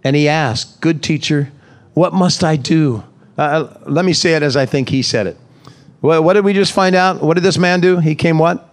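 A man preaching a conversational sermon at a church service. His voice sits a touch high for a man, and he keeps turning to the congregation with questions as he explains the text. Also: steady tone, brisk. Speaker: pastor.

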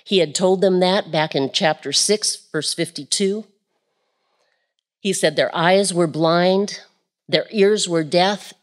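A woman preaching a Pentecostal sermon, expressive, swinging from shouts to quiet asides. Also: on the low side, slow.

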